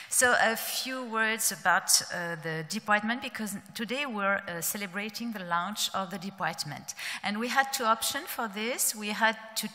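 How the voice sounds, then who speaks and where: A woman with a French accent giving a conference opening speech, halting, with many fillers and restarts. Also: medium pitch, bright, forceful tone. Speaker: department director. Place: large conference hall. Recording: long hall reverb.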